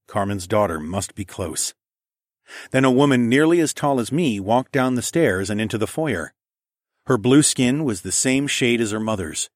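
A male narrator reads a first-person fantasy audiobook in a steady, even voice. His pitch sits on the low side. The recording is dry and close. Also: no echo.

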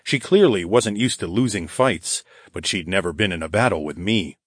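A man narrating a first-person fantasy audiobook in a dry, deadpan, cocky manner. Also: low-pitched, moderate pace, slightly rough, dry recording.

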